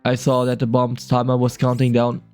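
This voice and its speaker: A man streaming a game, reading a terse male bomb expert in a flat, clipped, machine-like delivery. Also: medium pitch, moderate pace, soft background music, lightly acted. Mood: clipped robotic. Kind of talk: casual game dialogue reading.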